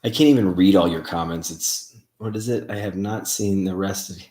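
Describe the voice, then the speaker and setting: A man's voice: low voice, moderate pace, warm tone. A man hosting a casual livestream, rambling and laughing as he reads viewer comments. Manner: rambling, laughs often, many fillers. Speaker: paranormal show host. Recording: roomy echo.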